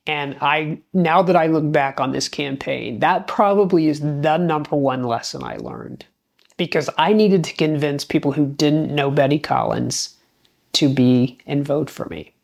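A middle-aged woman hosting a talk show, telling a personal story in a conversational, energetic way and acting out the dialogue she quotes. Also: low voice, a little slow, gravelly. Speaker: podcast host.

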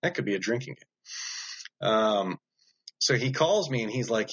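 A man who makes knives, telling stories as a podcast guest in a blunt, animated way with lots of fillers. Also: medium pitch, a little slow, breathy edge, highs cut off. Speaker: knife maker guest. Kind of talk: casual podcast storytelling.

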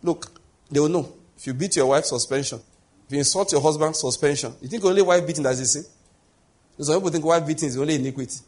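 A man's voice: on the high side, quick pace, a little mellow, breathy edge. A man preaching a conversational sermon as a pastor, full of rhetorical questions.

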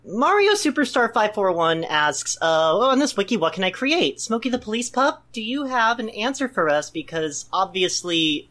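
A woman's voice: medium pitch, sing-song, normal speed, hardly any pauses, a bit bright. A woman co-hosting a comedy podcast, teasing the others and moving the bits along. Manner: teasing, steers the segment. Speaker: podcast co-host.

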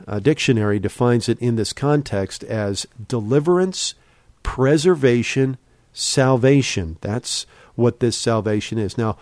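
A man's voice: mid-range voice, darkish tone, dry recording. Earnest man preaching on a podcast. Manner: earnest, exhorting, varies pace for emphasis. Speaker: podcast Bible teacher. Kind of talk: podcast sermon.

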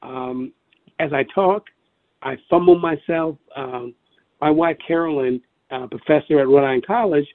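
A man recalling his experience in an interview, speaking haltingly, searching for words and repeating himself. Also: fairly high pitch, no room sound. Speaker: interview guest. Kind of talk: personal recollection over the phone. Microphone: telephone. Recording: tinny phone line.

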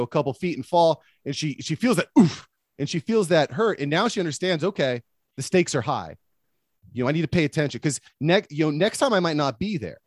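A man's voice: on the high side, dry recording, clean studio sound. A man in his late thirties telling stories in a casual chat, in an easygoing way with many fillers. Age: late 30s. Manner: easygoing storyteller, lots of fillers. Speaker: podcast guest.

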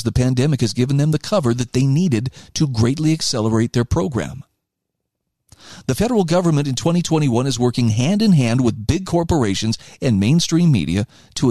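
A man's voice: mid-range voice, darkish tone, no room sound, clean studio sound. A man reading aloud from an article and commenting on it in an earnest, emphatic way.

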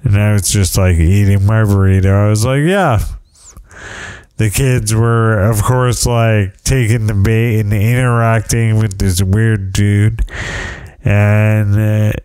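A man's voice: fairly low pitch, steady tone, measured pace, a little mellow, clear, resonant tone, no echo. A middle-aged man telling a rambling, wry story in casual monologue, often restarting his sentences.

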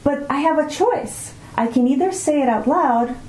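A woman speaks as a mindfulness teacher in an interview, calm and reflective, slowing down on key words. Her voice is mellow and soft-edged. The room around her adds a noticeable echo. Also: high voice. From Brazil. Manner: calm, reflective, often slows to stress words. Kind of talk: explanatory interview talk. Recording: roomy echo.

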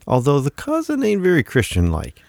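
A man's voice: fairly high pitch, wildly swooping pitch, fairly quick, vocal fry, darkish tone, no room sound, clean studio sound. An American man co-hosting a podcast in casual chat, joking crudely. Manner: crude, joking, puts on mock accents. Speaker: podcast co-host.

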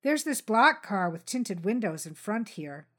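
A woman's voice: mid-range voice, big pitch swings, a little slow. A woman voicing a laid-back young man on the street who talks in offhand slang.

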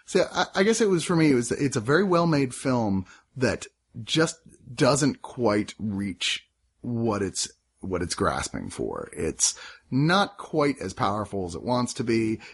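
A man's voice: mid-range voice, sing-song, measured pace, breathy edge. A man co-hosting a casual movie review chat, joking and acting out quoted reactions. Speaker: film review podcast co-host.

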